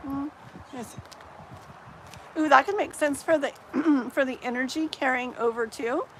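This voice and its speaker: A woman with a slightly high voice chats and rambles through a live tarot stream, often sinking into quiet murmurs. A faint hiss of noise sits behind her. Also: measured pace, low-quality recording. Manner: chatty, rambling, drops into soft murmurs. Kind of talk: casual live-stream chat.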